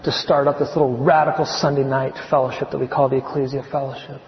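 A man from California, a chemistry professor, giving an earnest personal testimony, confiding and softening on heartfelt points. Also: mid-range voice, little pitch movement, quick pace. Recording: echoey hall, muffled sound.

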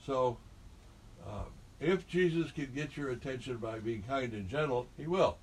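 A man's voice: medium pitch, animated, unhurried, slight background noise. A man leading a group Bible study, talking conversationally and quizzing the group with questions.

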